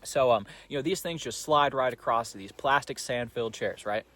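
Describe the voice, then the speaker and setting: A man's voice: medium pitch, a little fast, bright, forceful tone. A young man rambling through a casual storytime monologue, profane and full of fillers.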